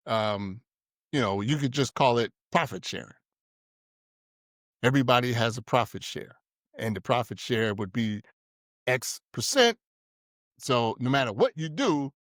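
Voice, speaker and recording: A man's voice: medium pitch, no echo, clean studio sound. A man hosting a podcast discussion, ranting in a heated, profane way. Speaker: podcast host.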